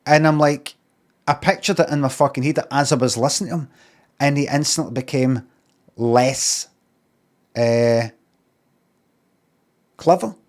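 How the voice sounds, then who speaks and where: A man's voice: medium pitch, a little slow, long pauses. A Scottish man streaming, talking in a rambling, sweary way with lots of ums and uhs. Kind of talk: casual rambling monologue.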